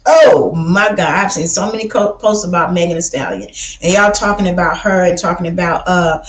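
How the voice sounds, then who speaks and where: A woman's voice: mid-range voice, moderate pace, reverberant, rough recording. A woman from Chicago hosting a casual livestream, talking in a blunt, preachy way and often calling listeners baby. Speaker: livestream host.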